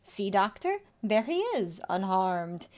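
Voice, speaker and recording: A woman's voice: medium pitch, sing-song, takes it slowly, voice pushed down. Woman reading as a proud boy gang chieftain. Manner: reads game dialogue aloud in a light character voice.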